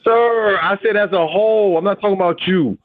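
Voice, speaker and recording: A man's voice: high voice, fairly quick. A man calling into a casual debate, insistent and repeating his phrases. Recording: tinny phone-line audio.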